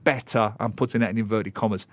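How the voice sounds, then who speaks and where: A man in his forties, a radio guest, talks films in a casual, animated and sarcastic way with mocking asides, on a studio microphone. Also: on the low side, fast talker, no echo. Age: 40s. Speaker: radio guest and film commentator.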